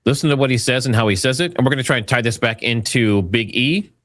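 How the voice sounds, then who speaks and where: A man's voice: mid-range voice, fast, a bit bright, dry recording, clean studio sound. A man hosting an online commentary video, speaking in a casual, speculative, repetitive way. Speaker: commentary host.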